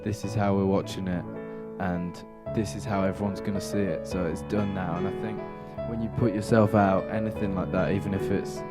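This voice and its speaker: Low-voiced young man, loud guitar behind. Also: little pitch movement, a little fast, hardly any pauses. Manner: thoughtful, rambling with fillers. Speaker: interviewee. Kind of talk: casual press interview. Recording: loud music over voice. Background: loud guitar music.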